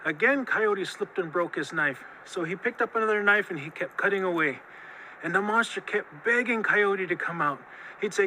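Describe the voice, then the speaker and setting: A man tells a traditional tale in a lively, expressive voice that slows down for key moments. His voice is raised and very bright, with a sharp edge. Faint noise runs underneath. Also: high voice, low-quality recording. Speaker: storyteller. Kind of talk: oral storytelling of a traditional tale.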